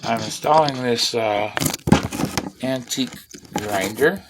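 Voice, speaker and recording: A man's voice: medium pitch, expressive, unhurried, very noisy. A middle-aged man, rambling bluntly and profanely in a casual vlog while working with tools. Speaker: vlogger.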